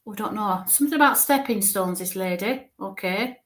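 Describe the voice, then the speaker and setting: A woman medium giving a live reading, speaking haltingly, searching for words, repeating phrases and often checking in with the listener. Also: medium pitch. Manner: searches for words mid-sentence. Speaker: spiritualist medium.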